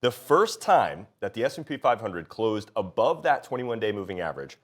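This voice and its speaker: Congested male host, low and nasal, with a very lively pitch and a folksy, upbeat studio manner. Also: moderate pace. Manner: upbeat, folksy, talks through charts. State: congested from a cold. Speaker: show host. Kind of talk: casual market chat.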